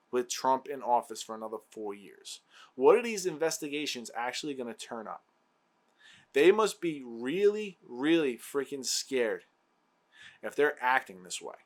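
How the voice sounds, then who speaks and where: A man hosting his own show, ranting heatedly and exasperatedly about politics, repeating himself. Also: medium pitch. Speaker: podcast host. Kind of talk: political rant.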